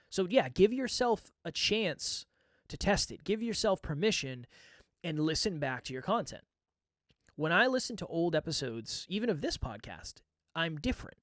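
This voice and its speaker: On his own podcast, a man with a slightly high voice talks openly and thoughtfully, like a coach. The close-miked recording is dry.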